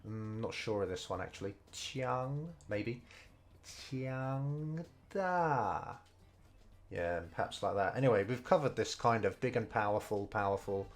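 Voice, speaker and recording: A man's voice: on the low side, steady tone. A man casually thinking aloud as he studies Mandarin over gameplay, hesitant and full of fillers. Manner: slow, unhurried delivery. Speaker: streamer learning Mandarin. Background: faint game music.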